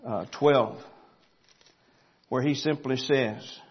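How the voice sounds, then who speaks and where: A pastor, preaching a folksy sermon that builds to loud, emphatic shouting. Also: male voice, medium pitch, extremely slow, husky, dull audio.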